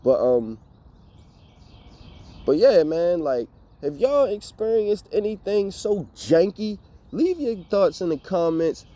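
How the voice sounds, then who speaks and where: Young male vlogger, lively exasperated storyteller, mellow timbre, swears freely. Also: high voice, slow. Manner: animated, profane, exasperated storytelling. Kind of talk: casual storytime rant.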